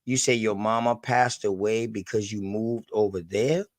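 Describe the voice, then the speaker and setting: A man's voice: on the low side, moderate pace, slight background noise. Man cutting in with questions. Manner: interjecting, pressing questions. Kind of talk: casual panel talk.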